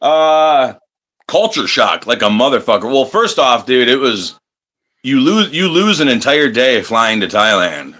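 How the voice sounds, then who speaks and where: A man's voice: mid-range voice, sing-song, unhurried, fairly bright tone. A man telling wrestling road stories on a podcast in a loose, profane way, laughing often. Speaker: wrestler guest. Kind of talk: casual storytelling interview.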